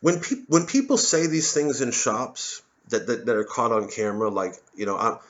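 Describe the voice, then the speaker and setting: A man's voice: medium pitch, lively intonation, moderate pace, muffled recording, a little hiss or hum. A man, a satirist, delivering a rambling, sardonic monologue full of swearing. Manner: sardonic, swearing, mocks others in put-on voices. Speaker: comedian and satirist.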